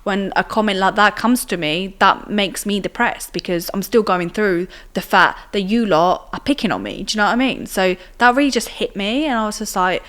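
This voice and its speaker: A woman's voice: mid-range voice, moderate pace, hardly any pauses, fairly bright tone. A young woman, telling her own story as an interview guest in a chatty way full of fillers and tag questions. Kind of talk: casual personal storytelling.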